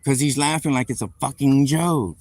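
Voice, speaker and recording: Ranting live from a city street into his phone, this male livestreamer tells a meandering, profane, heated story. His voice sits in the mid range with a somewhat dark tone, his pace is moderate, and there's no echo.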